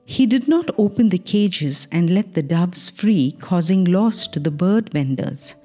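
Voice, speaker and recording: A woman reading a Christian devotional in a calm, measured, earnest way, ending in a prayer. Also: on the low side, faint music behind. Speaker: devotional reader. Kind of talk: read devotional.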